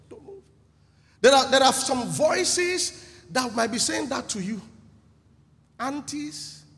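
A male preacher with a high, lively voice that swings up and down as he acts out crowd scenes and questions his listeners. His voice carries a long reverb from a church hall. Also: gravelly. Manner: animated, acts out the crowd and asks the congregation questions. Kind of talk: sermon.

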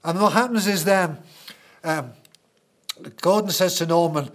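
Brief: male preacher, high-pitched for a man, earnest storytelling sermon. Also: a little slow.

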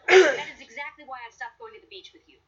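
A woman's voice: high voice, lively intonation, fast talker. An actress playing a brash, unfiltered woman friend with a sassy delivery. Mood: retorting. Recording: dull TV audio with studio audience.

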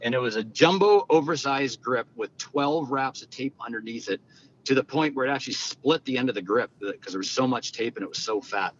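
A man, a guest telling stories in an animated, conversational way and acting out the quoted lines. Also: a little fast. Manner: animated, acts out quoted dialogue. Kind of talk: conversational storytelling. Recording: dull lo-fi sound with faint rumble.

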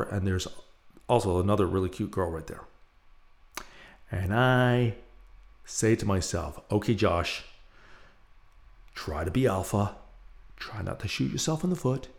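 A middle-aged man hosting a podcast, telling a personal story in a rambling, self-mocking way with many fillers. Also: medium pitch. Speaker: podcast host.

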